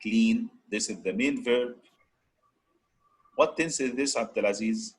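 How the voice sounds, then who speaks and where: A man's voice: medium pitch, measured pace, breathy edge, rough recording. A man teaching an English grammar lesson, switching between Arabic and English and repeatedly prodding his students to answer.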